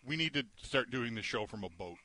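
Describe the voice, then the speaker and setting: A man's voice: mid-range voice, animated, brisk, sharp tone, no room sound. A man co-hosting a sports talk show, rambling casually and stammering through many restarts. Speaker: co-host. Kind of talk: sports betting radio chat.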